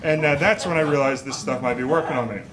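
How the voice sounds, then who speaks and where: Rambling, animated man telling a story live. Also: a little high, fast. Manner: rambling, animated, with many fillers and asides. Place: small cabaret stage before a live audience.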